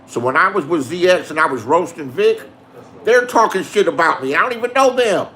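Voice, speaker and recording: A man's voice: a little high, lively intonation, a little fast, a bit bright. A man telling a profane story in a boastful rant, swearing and insisting that what he says is the truth. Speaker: online show host.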